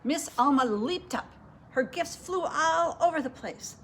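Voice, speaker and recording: Animated storyteller woman, reads a picture book to kids and asks them to join in, faint noise behind. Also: high-pitched, unhurried. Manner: lively, asks listeners to join in. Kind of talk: reading a picture book aloud to children.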